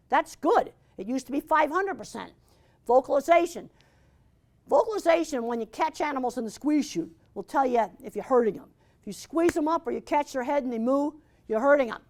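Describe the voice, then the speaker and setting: An older woman giving a blunt, emphatic lecture with slides, repeating her key points. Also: sits high. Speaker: animal science lecturer.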